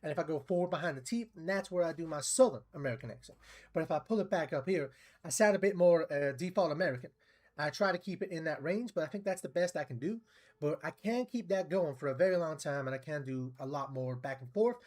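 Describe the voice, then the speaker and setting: A chatty young British man streams a game, swearing freely and laughing often as he talks. His voice sits a bit higher than most men's. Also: fast talker, darkish tone. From United Kingdom. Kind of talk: casual gaming commentary.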